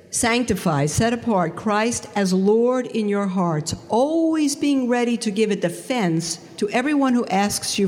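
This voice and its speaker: A woman giving a lively personal testimony talk, storytelling with big swings into quoted voices. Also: mid-range voice. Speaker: speaker giving a conversion testimony. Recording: long hall reverb.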